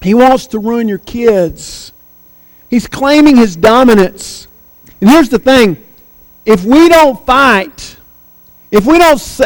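Male pastor, very high voice, emphatic sermon delivery, long hall reverb. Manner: preaching with slow emphatic phrases and dramatic quoted voices.

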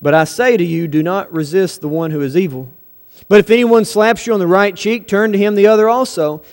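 A man's voice: high-pitched, brisk, darkish tone. A man preaching a sermon to his church, conversational and asking the congregation rhetorical questions. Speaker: pastor. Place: church sanctuary. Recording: long hall reverb.

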